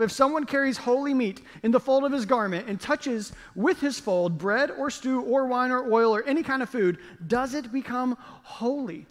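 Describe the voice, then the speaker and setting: A male pastor preaching a sermon, telling the story with playful jokes and acted-out asides. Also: high voice. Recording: long reverb of a large hall.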